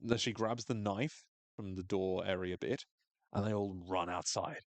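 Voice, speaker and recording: A man's voice: on the low side, fairly even intonation, normal speed, dry recording. A man hosting a podcast, recapping a TV episode in casual chat, swearing freely and acting out characters' lines in funny voices.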